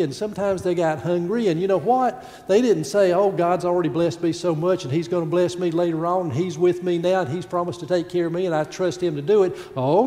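Male pastor, high mellow voice, lively sermon, long sanctuary reverb. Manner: animated preaching, acting out grumbling voices.

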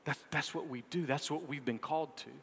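A man preaching a sermon, rising to emphatic peaks, then dropping low, with playful asides to the congregation. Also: a little fast, a bit bright, husky. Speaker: pastor. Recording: long hall reverb.

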